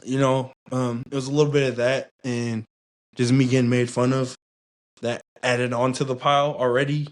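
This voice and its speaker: A young man in his late teens or twenties, a podcast guest, talking openly and easily with many pauses and fillers. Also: medium pitch, level tone. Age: young adult. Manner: easygoing, candid, halting with fillers. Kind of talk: casual podcast chat.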